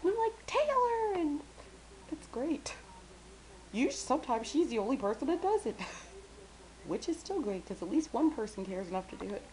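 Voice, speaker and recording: A woman's voice: fairly high pitch, very animated, quick pace, low-quality recording. A young woman casually vlogging, rambling with lots of fillers, self-deprecating and talkative, sometimes mumbling. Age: young adult. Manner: chatty, self-deprecating, quotes friends in bright squealy voices.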